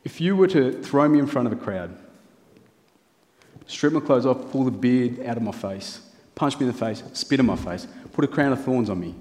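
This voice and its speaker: A man's voice: medium pitch, lively intonation, normal speed, a little mellow. A man preaching a sermon in a church hall, earnest and building his points through lists and rhetorical questions. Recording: long reverb of a large hall.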